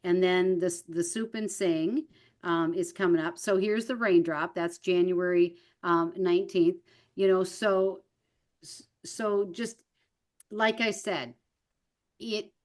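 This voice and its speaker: A woman's voice: fairly low pitch, a little mellow. A woman co-teaching an online class, encouraging, walking through upcoming events and often asking "right?". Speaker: direct sales mentor. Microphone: video call.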